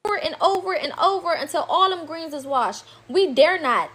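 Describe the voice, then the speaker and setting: A woman's voice: very high-pitched, expressive, moderate pace, fairly bright tone. A woman in a played video clip, speaking in an indignant, emphatic and profane heated monologue that repeats her points.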